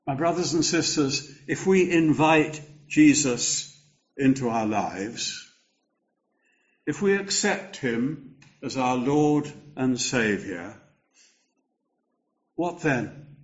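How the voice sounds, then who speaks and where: Older male preacher, mid-pitched, unhurried, emphatic delivery, muffled recording. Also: animated. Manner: slow, measured preaching with emphatic rises. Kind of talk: sermon.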